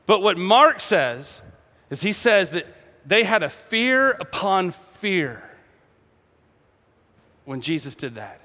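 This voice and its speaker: A man preaching a sermon, telling a story with animated energy, acting out voices and laughing along. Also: high-pitched, slow, pauses often, in a large hall. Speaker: pastor.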